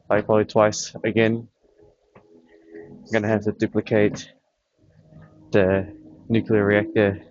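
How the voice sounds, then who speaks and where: A man with a lowish voice chats about games while still catching his breath, rambling and thinking aloud with pauses. The audio is a bit dull and lo-fi. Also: darkish tone, no room sound. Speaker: vlogger. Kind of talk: casual chat about games.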